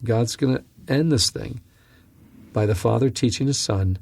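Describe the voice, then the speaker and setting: A man teaching from scripture on a podcast, telling a personal story in an earnest, animated way. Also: medium pitch, moderate pace, creaky. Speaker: Bible teacher and podcast host.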